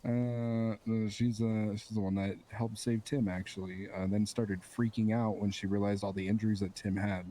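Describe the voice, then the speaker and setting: Exasperated low-voiced man, swearing freely. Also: level tone, moderate pace, few pauses, warm tone. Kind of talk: casual role-play chat.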